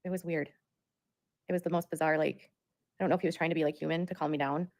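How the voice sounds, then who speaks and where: Low gravelly woman rambling on a livestream. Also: fairly even intonation, quick pace, darkish tone. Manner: rambling and repetitive, full of "like". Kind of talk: livestream monologue.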